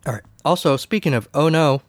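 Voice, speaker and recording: A man's voice: a little high, a little fast, no room sound. A man hosting a podcast, talking casually in a wry, sarcastic way. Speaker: podcast host. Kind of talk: casual solo commentary.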